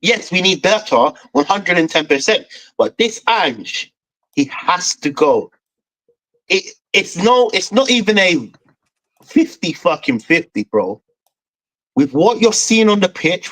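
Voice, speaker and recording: Furious young man ranting, swinging pitch. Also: big pitch swings, a little slow, fairly bright tone, low-quality recording. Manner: angry, swearing, repeats "bro". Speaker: fan show host. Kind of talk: heated football fan rant.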